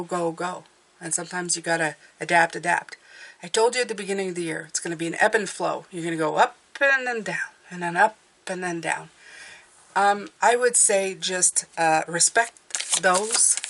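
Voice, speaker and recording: A woman's voice: on the low side, noisy background. A woman giving a casual tarot reading to her viewers, encouraging and often checking in with "okay?". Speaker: tarot reader.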